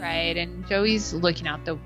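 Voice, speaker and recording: A woman's voice: fairly low pitch, measured pace, over music. A young adult woman co-hosting a podcast, retelling TV scenes and acting out the lines, laughing as she goes. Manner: animated, acts out quotes, laughs. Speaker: podcast co-host. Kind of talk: casual chat recapping a TV episode.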